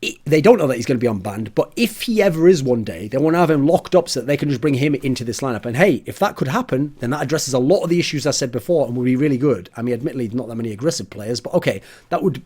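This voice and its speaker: A man's voice: mid-range voice, lively intonation, quick pace, hardly any pauses, darkish tone. A man giving an opinion monologue as an esports commentator, blunt and casual, with swearing and rambling asides.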